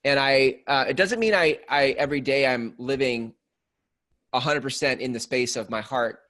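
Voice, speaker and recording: A man's voice: mid-range voice, normal speed, a bit bright. Reflective man in casual podcast talk. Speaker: co-host. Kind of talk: podcast conversation.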